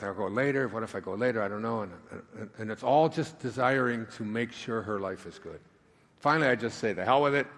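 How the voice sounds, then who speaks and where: A man giving a live spiritual talk, who tells a rambling personal story and then reads aloud slowly and with emphasis. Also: mid-range voice. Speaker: spiritual speaker. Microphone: handheld microphone.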